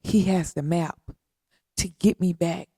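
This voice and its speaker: A woman hosting a podcast, giving a heartfelt, faith-based talk, speaking earnestly with repetition and long pauses. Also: fairly low pitch, steady tone, warm tone, breathy edge, no room sound, clean studio sound. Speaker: podcast host.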